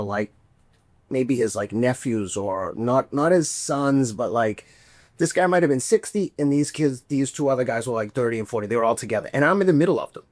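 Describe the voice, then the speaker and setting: A male podcast host in the middle of a casual, swear-laden story, jumping into the voices of the people he describes. His voice sits at a middle pitch. The sound is close and dry. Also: no echo. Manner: animated, profane, acts out quoted voices.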